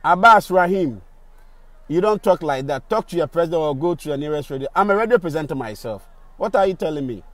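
A man's voice: on the high side, expressive, fairly quick, a bit bright, no echo. A Ghanaian man, a radio presenter, giving indignant on-the-spot video commentary on a city street, repeating rhetorical questions.

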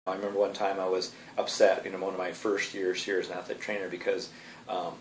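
Male athletic trainer, quick casual storytelling, lowish voice, echoey room away from the mic. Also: level tone, recorded from a distance. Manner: rapid storytelling with many "you know"s. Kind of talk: casual recollection.

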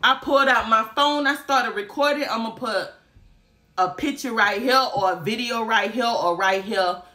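A woman's voice: on the high side, moderate pace, bright, forceful tone. A young woman from Alabama, telling a story dramatically in a casual vlog. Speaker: vlogger.

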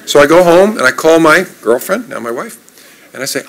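Man, 50s, from New Jersey, forceful tone, conversational storytelling, self-deprecating. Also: fairly high pitch, a little fast, creaky, a little hiss or hum, low-quality recording. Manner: relaxed, anecdotal, self-deprecating humor. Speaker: guest speaker.

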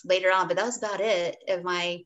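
A woman's voice: fairly low pitch, fairly even intonation, a little fast, a bit bright, lo-fi sound. A woman guest, a dietitian, telling a candid personal story in an interview, earnest and full of restarts and asides. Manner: briefly acts out her past self in quoted speech.

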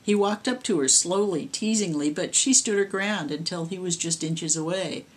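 A woman, the author, reading her own horror story aloud in a measured storytelling way. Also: fairly low pitch.

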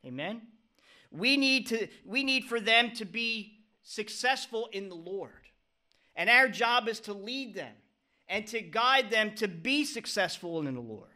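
A middle-aged male pastor delivering a sermon, his voice high and bright. He preaches earnestly and keeps checking in with a questioning "Amen?" as he drives each point home. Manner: preaching with frequent "Amen?" calls to the congregation.

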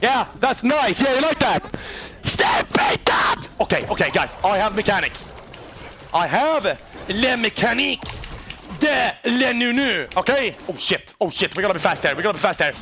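A young man, loudly and excitably commentating his own live gameplay, swearing and shouting at teammates. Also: high voice, moderate pace, soft background music. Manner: loud, excitable, profane, often shouting at teammates. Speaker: game streamer.

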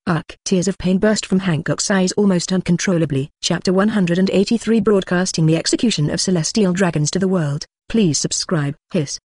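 A synthetic audiobook narrator reading in a flat machine manner and speaking punctuation marks aloud. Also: medium pitch, slightly rough, dry recording, studio quality.

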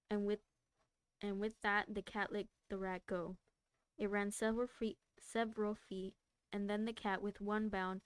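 A woman's voice: medium pitch, clean tone, dry recording. A woman streamer casually reading a book aloud, often stumbling and restarting words. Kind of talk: casual read-aloud on a livestream.

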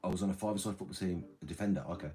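A man's voice: low voice, rapid-fire, dark tone. A man hosting a livestream, rambling casually, reading chat and swearing freely.

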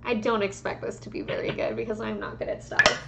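A woman's voice: medium pitch, sing-song, fairly quick, creaky, very noisy. A woman playing a tabletop game, speaking hesitantly as she describes her shy character. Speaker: player. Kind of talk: casual tabletop play.

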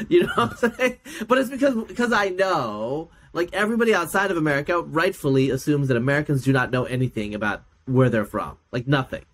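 Animated man telling stories. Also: fast talker, few pauses. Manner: animated storyteller, acts out quoted people with big pitch jumps; laughs often, many fillers. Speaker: podcast guest, geneticist. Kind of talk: casual chat.

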